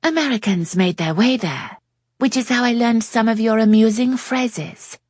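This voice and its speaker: A woman's voice: darkish tone, no echo, studio quality, natural voice. Woman putting on a flirty French noblewoman. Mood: teasing. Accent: put-on French. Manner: playful, drawn-out, high and lilting.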